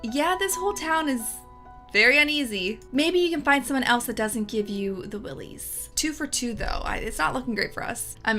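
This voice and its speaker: A young woman gives chatty, sarcastic commentary as she plays through a video game and reads its text aloud. Her voice is bright and sits a little high, with faint music underneath. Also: very animated, a little fast. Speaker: let's play host. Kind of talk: casual gameplay commentary.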